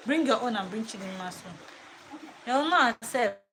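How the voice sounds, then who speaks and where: A woman's voice: on the high side, animated, moderate pace, poor audio. A woman chatting casually at home in her vlog, scolding her child between remarks. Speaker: vlogger. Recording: loud ambient noise.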